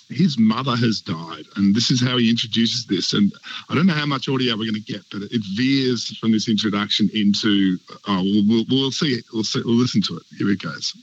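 An enthusiastic man chatting as a radio guest about films, slightly low in pitch. He restarts his sentences often as he talks. The sound is dull and lo-fi. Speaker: guest film commentator. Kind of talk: casual radio chat. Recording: dull lo-fi line.

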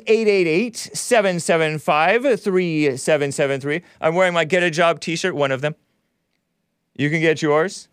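A man's voice: a little high, clear, resonant tone, no echo, studio quality. A man hosting a call-in talk show, delivering a combative, sarcastic monologue full of rambling asides.

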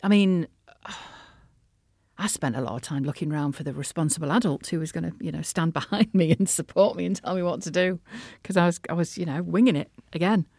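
A woman talks through her day on her own small podcast, lively and quick to poke fun at herself. Her voice sits on the low side, and the recording is dry and close with no room echo. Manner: chatty, self-deprecating, animated. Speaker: podcast host, composer and voice actor. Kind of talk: casual solo podcast chat.

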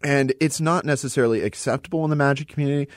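A man talking as a podcast guest about his work as a mentalist, in an animated, quick way. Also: mid-range voice, dry recording. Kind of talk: casual conversation.

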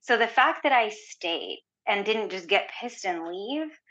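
Woman guest rambling chattily, says like a lot, bright voice, kinda dull lo-fi audio. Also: mid-range voice, unhurried. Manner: chatty, heavy use of "like", animated retelling. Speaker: podcast guest. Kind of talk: casual conversational storytelling.

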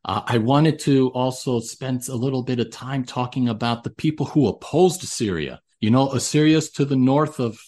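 A man's voice: mid-range voice, darkish tone. A man hosting an interview, talking casually and rambling with frequent restarts. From raised in a Greek household. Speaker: podcast host.

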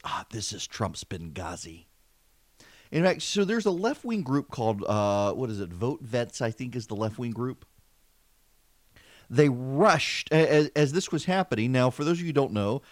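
A man from the South hosts a political podcast, talking through the news in a loose, conversational way. He drops wry asides and stumbles over repeated words when he pushes a point. His voice sits at an ordinary middle pitch and sounds dry and close, with no room sound. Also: no room sound. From American South. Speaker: podcast host.

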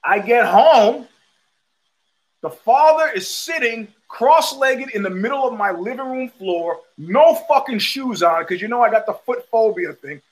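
Middle-aged male host, high-pitched, swearing storyteller who acts out every quote. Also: rough recording. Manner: profane, animated storyteller acting out quotes. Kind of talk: storytelling monologue.

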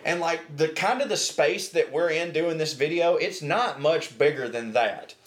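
Rambling man, slightly high voice. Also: moderate pace, echoey room. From United States. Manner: rambling storyteller, lots of "like", acts out quotes. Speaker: co-host. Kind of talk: casual travel storytelling chat. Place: tiny room in an old pub.

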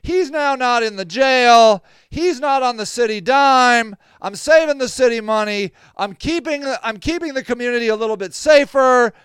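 A man's voice: very high voice, smooth, no room sound, studio quality. A man hosting a podcast, telling stories in a casual monologue, acting out other people's lines and laughing often. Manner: animated, acts out quoted voices, laughs often. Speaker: podcast host.

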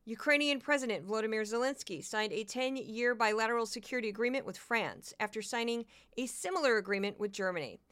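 Brief: a talkative woman podcast host, somewhat high voice, bright tone. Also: clear, resonant tone. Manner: chatty, quick asides, repeated words. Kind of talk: casual commentary podcast.

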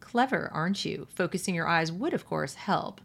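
Smooth, patronizing villain man, read by a woman, calm and low-pitched, storybook reading. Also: moderate pace, exaggerated voice. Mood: mocking. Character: soothing sinister man controlling minds, adult. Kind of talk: reading a novel aloud.

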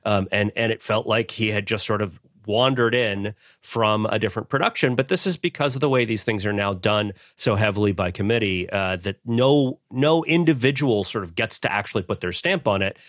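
A man on a film podcast panel, talking casually with lots of fillers and quick animated asides. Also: fairly low pitch, no room sound, studio quality.

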